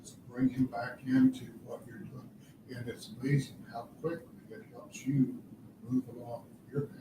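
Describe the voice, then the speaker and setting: A man sharing a relaxed anecdote in a meditation class about when he used to lead classes himself. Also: medium pitch, normal speed. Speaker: class participant and former meditation teacher. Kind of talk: casual class remark. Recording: distant, roomy, with room noise.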